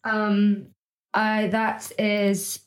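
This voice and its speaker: A woman hosting a podcast, talking in a halting, heartfelt way with many fillers. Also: medium pitch, completely flat delivery, smooth. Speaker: podcast host. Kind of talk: casual podcast chat.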